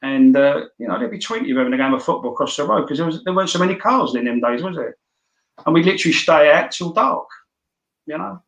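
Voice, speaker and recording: A man's voice: a little high, animated, quick pace, gravelly, a bit bright, reverberant, low-quality recording. A man in his sixties with a London accent, telling rambling, anecdotal stories as an interview guest. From London, England. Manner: rambling, anecdotal, many restarts. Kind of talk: casual storytelling.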